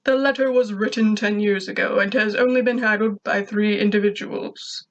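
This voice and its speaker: Obedient ship computer, calm and matter-of-fact, read by a woman. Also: mid-range voice, moderate pace, lo-fi sound, close to an everyday voice. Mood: dutiful.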